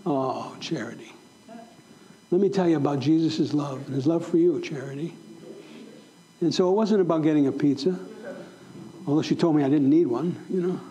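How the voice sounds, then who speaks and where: High-voiced, mellow male pastor preaching. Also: fast talker, dull audio. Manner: emphatic, repeats questions to the congregation. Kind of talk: sermon. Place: church sanctuary.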